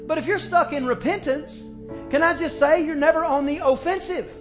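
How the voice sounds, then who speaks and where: Middle-aged male pastor, high bright voice, preaching with shouted peaks, music behind. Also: moderate pace. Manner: preaching with sudden shouted peaks and storytelling asides. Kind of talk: sermon. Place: church.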